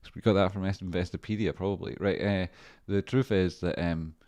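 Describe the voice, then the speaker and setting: A man with a low voice runs a trading livestream, chatting loosely over his charts. He swears freely and keeps breaking off to greet viewers. The sound is close and dry, with no room around it. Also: steady tone, a little fast, darkish tone, no room sound. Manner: rambling, profane, chatty asides to viewers. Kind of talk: casual live-stream chart commentary.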